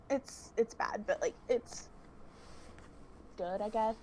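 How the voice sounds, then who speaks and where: A woman's voice: fairly high pitch, darkish tone, a little hiss or hum. A young woman, a guest on a casual chat, talking in a chatty, giggly way. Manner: giggly, chatty, quick to laugh.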